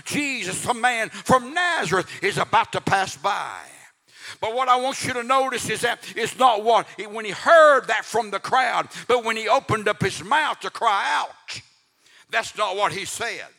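A man's voice: high voice, lively intonation, a little slow, creaky, sharp tone, faint music behind. A man preaching a sermon in a rising, sung cadence and calling out to the congregation again and again. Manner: repetitive calls to the congregation.

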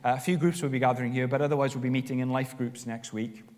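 A man preaching a sermon as pastor, telling stories with animated, rising emphasis. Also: mid-range voice, quick pace. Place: church hall. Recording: long reverb of a church hall.

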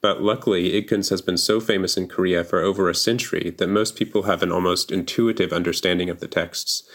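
Casting: deep-voiced man guest, earnest and measured delivery. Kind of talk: scripted monologue.

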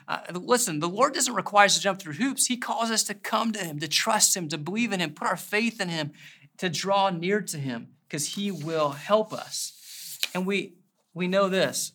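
A man preaches as a pastor, his voice gravelly and bright with a bit of an edge. He talks earnestly, goes back over his own phrases, and lets his words slow down as he moves into prayer. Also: sits high. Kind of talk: sermon with closing prayer.

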